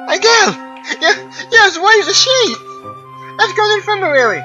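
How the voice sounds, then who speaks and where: A woman voicing an eager young schoolgirl heroine from a visual novel in a squeaky, raised voice, reading her lines aloud while playing. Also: very animated, normal speed, bright, forceful tone, highs cut off, faint music behind, full character voice. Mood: alarmed.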